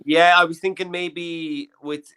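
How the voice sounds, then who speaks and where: A man's voice: fairly high pitch, little pitch movement, slow, sharp tone, slight background noise. A man hosting an online comedy show, chatting casually and joking at his own expense. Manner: joking, self-deprecating, rambling.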